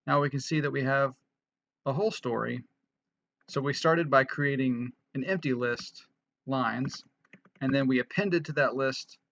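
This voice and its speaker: A man's voice: medium pitch, gravelly, a bit bright, highs cut off. A man casually walking through a programming tutorial, thinking aloud with frequent restarts and fillers. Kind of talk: casual screen-recorded coding tutorial.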